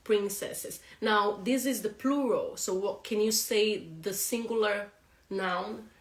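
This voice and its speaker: A woman, a non-native English speaker, giving a casual pronunciation lesson, laughing often and repeating words slowly. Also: mid-range voice, fairly even intonation, reverberant. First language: not English. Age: adult with a young son.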